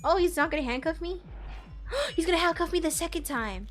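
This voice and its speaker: A young woman streaming herself playing a game, chatting casually and playfully, swinging from loud outbursts to quiet mumbles. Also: very high voice, fast talker. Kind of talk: casual gameplay commentary. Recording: faint game music behind.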